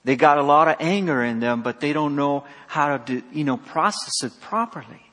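A man preaching a sermon, emphatic, swinging between loud and soft, acting out dialogue with a slightly husky voice. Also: on the high side, moderate pace. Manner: emphatic, rising and falling sharply, acts out dialogue. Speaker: pastor. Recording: long hall reverb.

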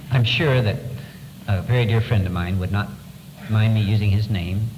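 A man with a somewhat low voice tells a story in an earnest, measured way. He pauses often as he speaks. The recording has a long, echoing reverb and clear background noise. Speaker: speaker recounting wartime captivity. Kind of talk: storytelling talk. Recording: echoey hall with background noise.

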